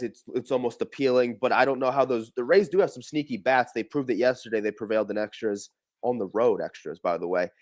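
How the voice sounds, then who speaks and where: A man co-hosting a casual morning baseball show, talking loosely and swearing as he makes his picks. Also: mid-range voice. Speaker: co-host. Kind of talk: casual sports talk.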